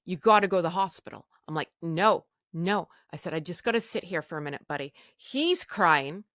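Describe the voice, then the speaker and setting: A middle-aged woman telling a personal story on a podcast, animated and acting out the lines of everyone involved. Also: fairly low pitch, brisk, no echo, studio quality. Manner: animated retelling with quoted dialogue. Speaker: podcast guest sharing her story.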